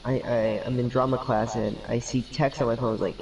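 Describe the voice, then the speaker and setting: A man's voice: mid-range voice, steady tone, fairly quick, darkish tone, far from the mic, slight background noise, rough recording. A young man telling a rambling story over voice chat while gaming, laughing often and acting out the lines of the people in it.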